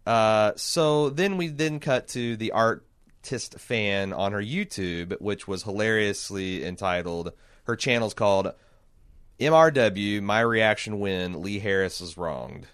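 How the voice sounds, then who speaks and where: Co-hosting a podcast, a man rambles through casual chat, often stopping and restarting with fillers. His voice is on the low side yet a bit bright, with a clean tone, and he takes his time.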